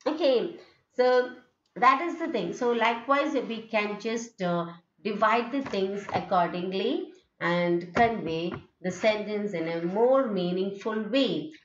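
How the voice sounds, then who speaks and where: A woman with an Indian English accent giving a lecture on intonation, explaining slowly with many okays and fillers and repeating example sentences with rising and falling tones. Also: medium pitch, slight background noise. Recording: echoey, dull lo-fi room sound.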